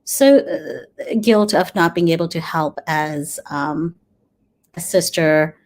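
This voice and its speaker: A woman in her forties, a dentist and grief coach, talking earnestly in an interview with many pauses and fillers. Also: deep voice, a little mellow. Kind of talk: conversational interview.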